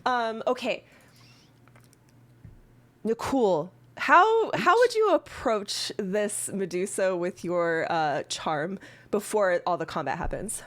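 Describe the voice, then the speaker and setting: Lively woman running a tabletop game. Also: medium pitch. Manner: lively, breaks into laughs, quick asides. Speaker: dungeon master.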